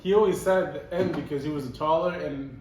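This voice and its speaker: A man hosts a relaxed conversation with short reactions and follow-up questions, and he laughs easily. His voice is a little higher than most men's. He sounds distant in an echoey room with faint noise behind him. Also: a little fast. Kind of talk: casual conversation.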